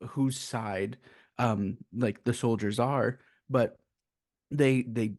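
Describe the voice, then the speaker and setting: A man's voice: medium pitch, steady tone, slow pace, darkish tone, dry recording, studio quality. A man co-hosting a casual film review, making earnest points with rhetorical questions. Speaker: podcast co-host.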